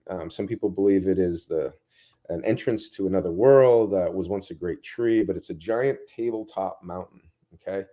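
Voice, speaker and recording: A man, a guest in a casual interview, telling rambling, animated stories full of asides. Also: sits low.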